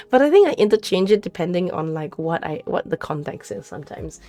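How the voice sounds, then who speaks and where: A woman's voice: fairly low pitch, sing-song, moderate pace, dark tone. A woman streamer chatting casually with her live chat, giggling often and answering questions as they come. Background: faint background music.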